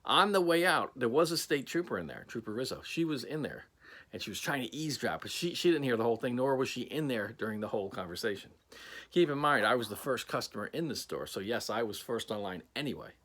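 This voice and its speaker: A man's voice: mid-range voice, sharp tone. A man angrily recounting a personal incident to camera, emphatic and repetitive, swearing now and then. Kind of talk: angry personal storytelling.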